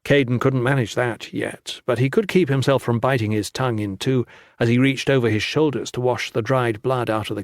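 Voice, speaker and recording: A man reading a fantasy audiobook in measured, even scripted narration. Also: medium pitch, dry recording, clean studio sound.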